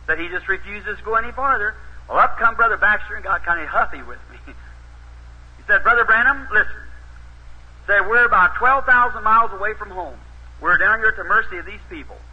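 A preacher man with a high, husky voice tells his story in a folksy, plain-spoken way, now and then building into emphatic urging. The sound is dull and muffled, like an old tape recording. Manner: folksy, rises to emphatic exhortation. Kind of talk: sermon storytelling.

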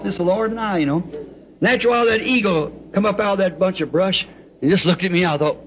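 This man speaks fast in a high register, delivering a sermon to a congregation. His delivery is fervent and rhythmic, full of stories punctuated by laughter, captured on a muffled lo-fi old tape.

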